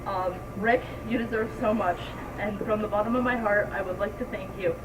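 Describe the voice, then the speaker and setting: A woman's voice: medium pitch, steady tone, a little fast. A teenage girl giving an emotional, tearful thank-you speech as a senior on her team. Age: teens. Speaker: senior student speaker. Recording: distant mic in noisy bowling alley.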